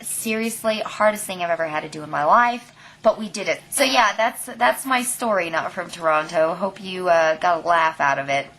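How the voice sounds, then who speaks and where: A young woman telling a funny personal story in a casual vlog, acting it out dramatically and often checking in with "okay?". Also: mid-range voice. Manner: animated, dramatic retelling with lots of "like" and "okay?". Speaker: vlogger.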